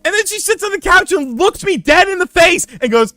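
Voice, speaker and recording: A young man streaming live, telling a crude anecdote in a casual, profane, animated way to his chat. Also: extremely high pitch, fairly quick, few pauses, no echo.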